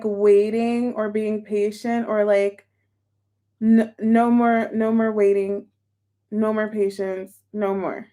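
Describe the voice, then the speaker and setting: A woman's voice: medium pitch, darkish tone. A woman reading tarot cards for viewers in a chatty, emotional, exclamatory way. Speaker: tarot reader.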